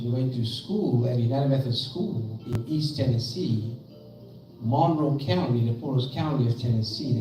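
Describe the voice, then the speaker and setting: A South African man in his fifties, a pastor giving an animated storytelling talk in a museum gallery, often checking in with the audience. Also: medium pitch. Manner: animated, leads call-and-response, asks "right?" often. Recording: echoey gallery from far off with music.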